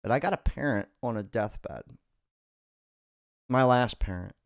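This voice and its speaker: A podcast host talks bluntly and swears freely. His pitch rises and falls a lot as he swings between loud and quiet. The sound is dry and close. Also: lively intonation, unhurried, creaky, dry recording. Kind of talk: casual podcast commentary.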